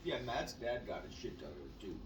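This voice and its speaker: A man co-hosting a casual podcast, telling an animated, profane story and acting out what people said. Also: fairly low pitch, a little fast. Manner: animated storyteller, acts out quotes, swears. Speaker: podcast co-host. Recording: echoey room, mic at a distance, faint noise.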